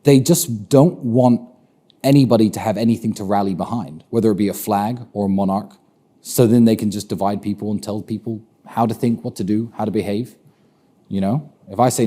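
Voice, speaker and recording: A man's voice: fairly low pitch, fairly quick, mellow. A man with a British accent answering interview questions in an assertive, opinionated way, often repeating phrases for emphasis. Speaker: interview guest.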